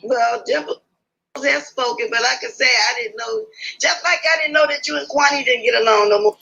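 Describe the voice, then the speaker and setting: Female live-stream host, high and bright, laid-back, speaks straight to her chat. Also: normal speed, creaky, lo-fi sound.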